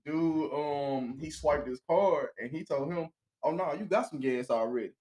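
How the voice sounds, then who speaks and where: A man in casual chat, a lively, profane storyteller who acts out the voices of others. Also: a little high, normal speed.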